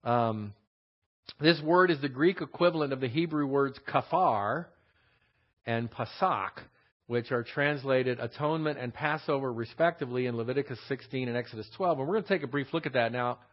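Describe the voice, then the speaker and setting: A man's voice: medium pitch, normal speed. A man teaching a verse-by-verse Bible study, explaining words and asking rhetorical questions with many fillers. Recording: dull lo-fi sound.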